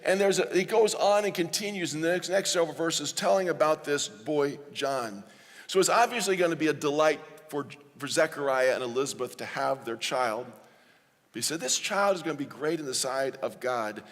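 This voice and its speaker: Male pastor, higher voice, chatty sermon delivery, reverberant sanctuary sound. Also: expressive, moderate pace. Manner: conversational preaching, acts out quotes. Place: church sanctuary.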